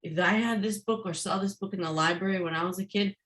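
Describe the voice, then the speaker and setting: A woman author talks in an interview. She is forthright and emphatic, and her voice sits somewhat low for a woman. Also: fairly even intonation, quick pace, few pauses, fairly bright tone, rough recording. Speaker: guest, author. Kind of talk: interview conversation.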